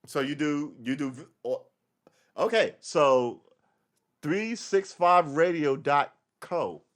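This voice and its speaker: A man's voice: fairly high pitch, takes it slowly, fairly bright tone. Rambling man hosting a live podcast. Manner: rambling, wry, wandering off on tangents. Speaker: podcast host. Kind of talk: casual live-stream rant.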